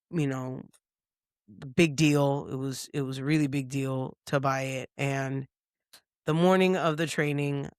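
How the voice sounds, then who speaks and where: A woman co-hosting a podcast, telling a casual story with lots of swearing and quick impressions of other people's voices. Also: low-pitched, clear, resonant tone, no room sound, studio quality. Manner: profane, lively, acts out others' lines. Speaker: podcast co-host. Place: podcast studio.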